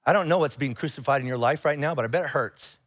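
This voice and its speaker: A man preaching a sermon to a church congregation in a conversational, animated way, acting out little exchanges of dialogue. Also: mid-range voice, fast. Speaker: pastor. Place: church auditorium.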